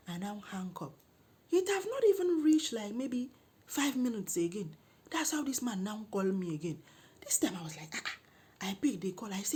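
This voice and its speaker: A middle-aged woman with a Nigerian English accent, telling a comic story in an animated, exclaiming way and scolding when indignant. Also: mid-range voice, normal speed, husky. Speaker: comedic storyteller.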